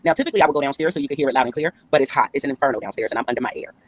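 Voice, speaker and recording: Fast-talking blunt streamer, man. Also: mid-range voice. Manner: blunt and profane, talks straight to his chat. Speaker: commentary channel host. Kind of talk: casual live-stream commentary. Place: upstairs room at home. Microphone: old phone.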